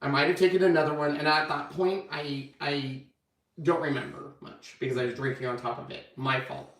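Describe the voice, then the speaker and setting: A man's voice: fairly quick, far from the mic. A man chats to his viewers in a slightly raised voice, playing out each line he quotes. The room gives his voice an echo, and he sits a little back from the mic. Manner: animated, acts out quotes with big pitch jumps. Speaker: channel host. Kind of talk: casual storytelling to viewers.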